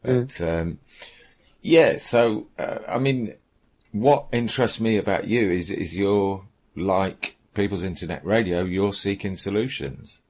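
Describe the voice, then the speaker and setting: Very low-voiced chatty man. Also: measured pace, a little mellow. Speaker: podcast co-host. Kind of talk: casual interview.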